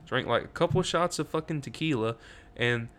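A man's voice: medium pitch, a little fast. A man co-hosting a casual sports chat, telling stories in a rambling, swearing way. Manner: rambling storyteller, swearing, gets loud and excited. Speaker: podcast co-host.

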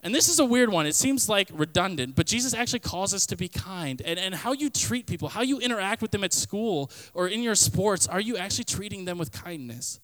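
A man's voice: high-pitched, lively intonation, a little fast, few pauses, fairly bright tone. A young man preaching a youth sermon in a casual, storytelling way, full of "like" and comic asides. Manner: frequent fillers like "like" and "kinda". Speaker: youth pastor.

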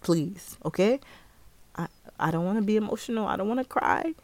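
A woman's voice: medium pitch, expressive, moderate pace, darkish tone, dry recording. A young woman hosting a podcast, giving listeners a casual, playful pep talk full of slang. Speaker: podcast host.

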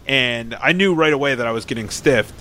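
A man's voice: medium pitch, fairly quick, sharp tone. A man in casual chat telling a delivery story, full of fillers and acted-out quotes. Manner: rambling, filler-heavy storyteller. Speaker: pizza delivery driver.

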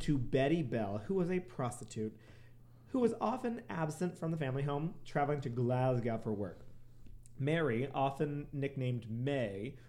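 A man's voice: mid-range voice, dark tone. A man co-hosting a podcast, reading out a true crime story with joking asides and frequent laughs. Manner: laughs often, joking asides between read facts. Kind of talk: casual podcast chat, reading case notes.

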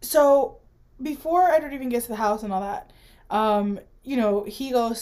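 A woman's voice: on the high side, normal speed, darkish tone. A woman co-hosting a podcast, chatting casually with wry, sarcastic asides and slangy phrasing. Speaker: podcast co-host. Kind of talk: casual chat.

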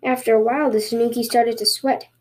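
A woman podcast host reading a folktale aloud in a lively storytelling way. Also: fairly high pitch, fast, a little hiss or hum.

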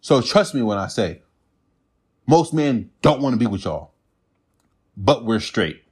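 Man, husky voice, blunt profane rant, casual monologue, mocking put-on quotes. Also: mid-range voice, sing-song, unhurried, darkish tone.

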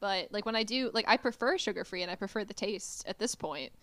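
A woman's voice: medium pitch, a little fast, a bit bright, no echo. Chatty New woman, dry sound. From New England. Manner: chatty, laughing, frank. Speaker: podcast co-host. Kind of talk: casual chat.

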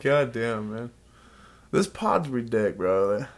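A man co-hosting a casual podcast, slangy and loose, calling everyone "dude" and laughing loudly and often. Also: medium pitch, animated, unhurried. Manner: slangy, says "dude" constantly, frequent loud laughs. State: stoned. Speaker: podcast co-host. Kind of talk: casual chat.

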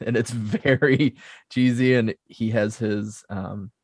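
A man's voice: mid-range voice, fairly even intonation, slow pace, darkish tone, no room sound, studio quality. A man co-hosting a podcast, recapping a movie plot casually and laughing often. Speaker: podcast co-host. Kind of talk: casual film discussion.

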